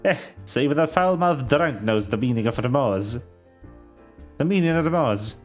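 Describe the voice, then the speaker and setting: A man voicing a rough-spoken tavern keeper in a shaky attempt at a Scottish accent, reading game dialogue aloud. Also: mid-range voice, animated, normal speed, faint music behind, natural voice. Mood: hearty. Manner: loud, bouncy put-on brogue.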